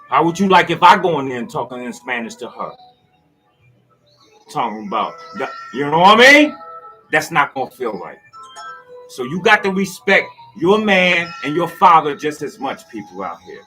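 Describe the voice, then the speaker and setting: A man with giving a rambling, preachy motivational monologue that swings from loud outbursts to low asides. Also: big pitch swings, moderate pace, long pauses, faint music behind. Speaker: speaker giving a motivational talk.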